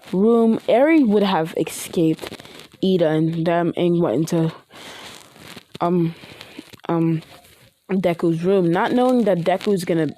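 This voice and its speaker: A woman improvises a fan-fiction story aloud, one event after another. Her voice sits fairly low and the telling is loose, full of restarts and fillers. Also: mellow, a little hiss or hum. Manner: rambling, many restarts and fillers. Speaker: online video creator.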